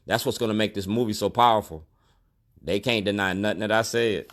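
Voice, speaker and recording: A man's voice: fairly low pitch, fairly quick, a bit bright. A middle-aged store owner speaking straight to the camera in a protest monologue, colloquial and emphatic, repeating his key lines. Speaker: store owner and activist vlogger.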